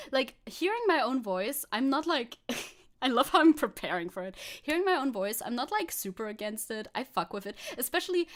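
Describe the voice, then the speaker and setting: A woman with a non-native accent chatting on a livestream at a desk mic, her fairly high voice swinging widely in pitch. She rambles, laughs at herself and restarts sentences often. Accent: non-native English accent. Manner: rambling, self-mocking, frequent laughs and restarts. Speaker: VTuber streamer. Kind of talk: casual livestream chat reacting to a video.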